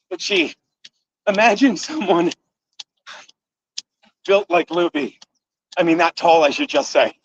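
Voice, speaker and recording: A man's voice: on the high side, vocal fry, slightly rough. Profane, rambling middle-aged man livestreaming. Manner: rambling, profane, laughs at his own jokes. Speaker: comedian livestream host. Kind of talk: casual chat to a live chat while jump roping. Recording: dry, dull lo-fi sound.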